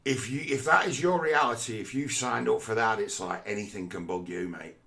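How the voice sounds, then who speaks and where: Brief: casual man, low gravelly voice, loose sweary storytelling. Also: normal speed, bright, forceful tone. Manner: swearing, rambling, conversational. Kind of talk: casual monologue.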